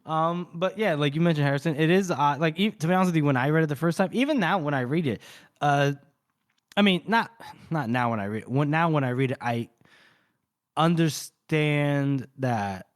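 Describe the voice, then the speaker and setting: A man's voice: fairly high pitch, moderate pace. A man co-hosting a podcast, retelling the plot of a novel in a casual, loose conversational way. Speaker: podcast co-host. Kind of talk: casual book discussion.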